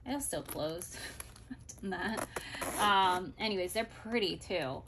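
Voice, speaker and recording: Speaking slowly and expressively at a medium pitch, a planner vlogger chats casually about her planners, gushing as she displays them and thinking out loud. Background noise is audible.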